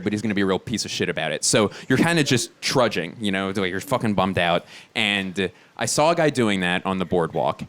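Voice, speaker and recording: Animated stand-up comedian, lively pitch. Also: male voice. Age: 30s. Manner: incredulous, animated storytelling with sudden high outbursts. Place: comedy stage before a live audience.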